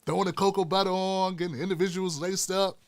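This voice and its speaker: High-voiced man ranting profanely. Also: fast, no echo, clean studio sound. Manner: profane, animated storytelling. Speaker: host. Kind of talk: political commentary rant.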